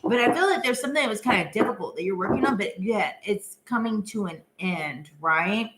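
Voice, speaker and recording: A woman's voice: medium pitch, lively intonation, a little fast, fairly bright tone, reverberant, slight background noise. A woman doing a live-stream tarot reading in a chatty, casual way, full of filler words and giggles. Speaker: tarot reader.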